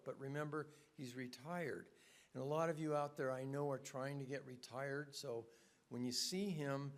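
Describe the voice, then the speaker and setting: A man acting as emcee, introducing the next speaker in a chatty, folksy way that repeats points. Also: fairly high pitch. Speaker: conference emcee.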